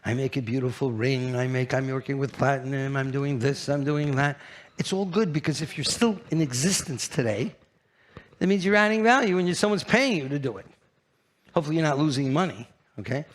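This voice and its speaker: A brash man delivers a live conference talk from the stage. His somewhat high voice leaps into loud, high bursts and then drops low again as he keeps throwing questions at the audience. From New York. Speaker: keynote speaker at a trade fair.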